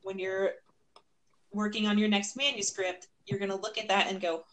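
A woman's voice: medium pitch, level tone, moderate pace, a bit bright, poor audio. Blunt, playful woman podcast host. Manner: blunt, playful, swears casually. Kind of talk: casual podcast chat.

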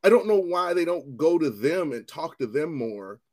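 Animated, profane man chatting on a podcast. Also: on the high side, normal speed, crowd noise. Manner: animated, profane, rambling with restarts. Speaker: podcast co-host. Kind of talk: casual chat.

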